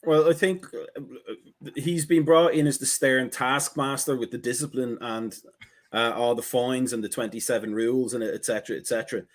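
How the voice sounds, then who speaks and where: A man co-hosting a casual football chat, talking in a measured, wry way and thinking aloud. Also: medium pitch, steady tone. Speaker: co-host.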